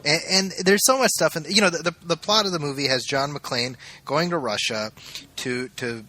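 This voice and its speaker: A man's voice: fairly high pitch, normal speed. A man co-hosting a podcast, chatting casually about a film and acting out quoted lines as he tells it. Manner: animated storyteller, acts out quoted lines. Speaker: podcast co-host. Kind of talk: casual movie review chat.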